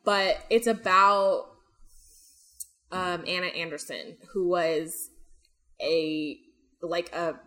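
A woman's voice: lowish voice, fairly even intonation, slow, pauses often, fairly bright tone. A young woman co-hosting a podcast, chatting casually with lots of fillers and swearing. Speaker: podcast co-host. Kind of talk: casual chat.

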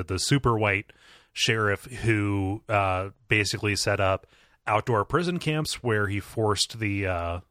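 A man's voice: fairly low pitch, a bit bright, no echo, studio quality. A man co-hosting a podcast in casual chat, rambling with many restarts and frequent laughter. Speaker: podcast co-host.

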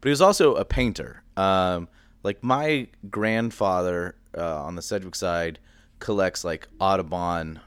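A young man co-hosting a casual podcast, explaining things at length in a chatty, animated way. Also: sits low, unhurried, clear, resonant tone, no room sound. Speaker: podcast co-host. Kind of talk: casual chat.

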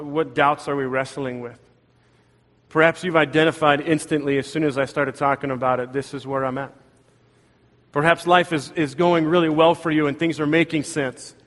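Male pastor, earnest conversational sermon, slightly high voice, church echo. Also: a bit bright. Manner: earnest, conversational preaching with restarts. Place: church sanctuary.

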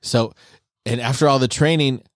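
A man's voice: mid-range voice, fairly even intonation, normal speed, no room sound. Man retelling anime scenes, dry sound. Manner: retells scenes with quoted character lines. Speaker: anime review podcast co-host. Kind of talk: casual chat.

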